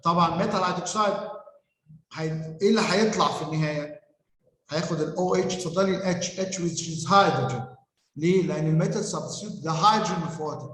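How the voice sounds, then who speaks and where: A man's voice: a little high, racing, fairly bright tone. Male teacher in an echoey room. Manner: step-by-step explaining, asks checking questions. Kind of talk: exam revision lesson. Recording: echoey room with long reverb.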